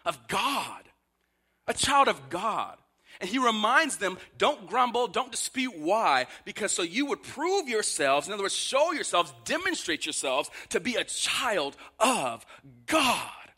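Man preaching, higher voice, animated rise and fall, punchy rhetorical questions. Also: a little slow, slightly rough. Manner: emphatic rhetorical questions, voices grumbling Israelites. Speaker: pastor. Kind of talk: sermon.

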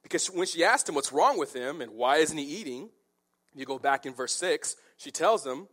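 A man preaching an expository sermon in a conversational, animated way with quick asides. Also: mid-range voice.

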